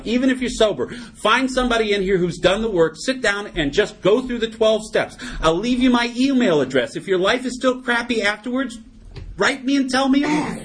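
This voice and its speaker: A man's voice: a little high, a little hiss or hum. A middle-aged man speaking at a recovery meeting, giving a humorous personal testimony. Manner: humorous, animated storyteller.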